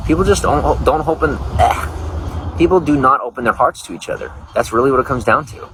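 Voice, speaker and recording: A man's voice: mid-range voice, brisk, fairly bright tone, soft background music. A man live-streaming, chatting casually and rambling, greeting viewers by name. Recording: noisy background.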